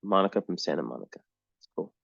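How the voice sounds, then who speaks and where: A man's voice: low voice, expressive, quick pace, gravelly, a bit bright, no room sound. A man from the US giving a casual astrology reading to a client, rambling with lots of "like" and "um", in a small downstairs room. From United States. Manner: rambling, full of "like" and "um". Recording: dull, dry home recording.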